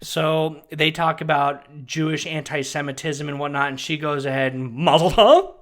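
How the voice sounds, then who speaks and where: Male commentator with a high voice who rants angrily at a news clip. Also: completely flat delivery, moderate pace, a bit bright. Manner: agitated, ranting, repeats and restarts. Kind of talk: heated commentary.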